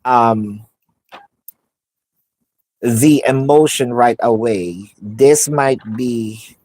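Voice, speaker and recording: A woman's voice: rumbling low, drawn-out words, warm tone, no echo, low-quality recording. A woman doing a live tarot reading, musing aloud, naming the cards as she draws them and repeating phrases. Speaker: tarot card reader.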